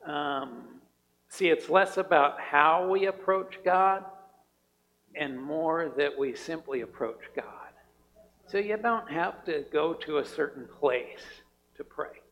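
A man's voice: on the high side, slow, a bit bright, in a large hall, rough recording. A man preaching a sermon in a conversational way, often repeating words and asking his listeners "right?". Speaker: pastor.

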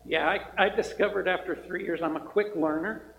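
A man's voice: sits high, fairly even intonation, moderate pace, gravelly, a bit bright. A man, a pastor, giving friendly, joking church announcements and then leading a prayer, in a church sanctuary. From Montana. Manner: friendly, joking, informal with fillers. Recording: echoey hall, dull sound.

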